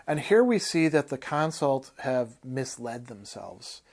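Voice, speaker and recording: A man giving a lecture on a novel, explaining the story in a thoughtful way, with pauses and fillers. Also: mid-range voice, very animated. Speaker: philosophy lecturer.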